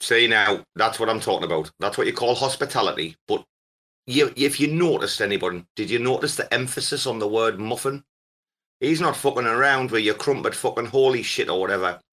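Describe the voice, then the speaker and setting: A man hosting a casual chat, teasing and swearing, breaking into loud laughs. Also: mid-range voice, lively intonation, fairly quick. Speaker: host.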